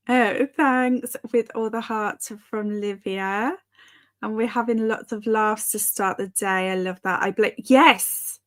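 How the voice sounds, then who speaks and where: Speaking slowly with a higher voice and many pauses, a thirtysomething booktube streamer hosts reading sprints. She's giggly and talkative, reading the chat aloud as she hangs out with her viewers.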